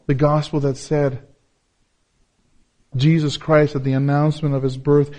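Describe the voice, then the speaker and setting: A man preaching a sermon as pastor, repeating key phrases and swinging between loud, emphatic peaks and low, soft passages.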